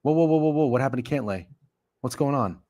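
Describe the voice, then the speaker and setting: A man's voice: medium pitch, fast. A man hosting a casual sports betting talk show, ranting and swearing. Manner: profane, ranting, animated. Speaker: podcast host.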